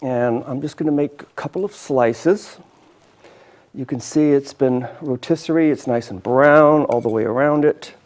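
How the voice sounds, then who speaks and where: A man hosts a homey local cooking show. He talks in a chatty, enthusiastic way while demonstrating a dish, and keeps talking even while chewing. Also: mid-range voice, normal speed. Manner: chatty, enthusiastic, eats and talks with mouth full.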